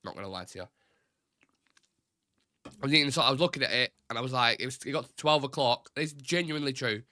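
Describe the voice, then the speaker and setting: A man's voice: medium pitch, fast, pushed and bright, no echo. A man hosting a live fan stream, chatting casually and reading out viewer comments in a rambling, self-deprecating way. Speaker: host of a live fan show.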